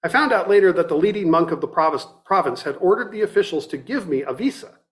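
In his dharma talk, a middle-aged meditation teacher stays reflective and measured, reading some of it from a book and frequently starting over. He has a high voice with lively intonation.

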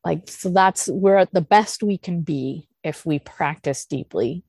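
Slow, thoughtful woman teacher. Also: lowish voice, breathy edge, no echo. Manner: thoughtful, searching, with sighs and soft laughs. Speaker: Zen teacher leading a discussion. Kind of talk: unscripted dharma talk and Q&A.

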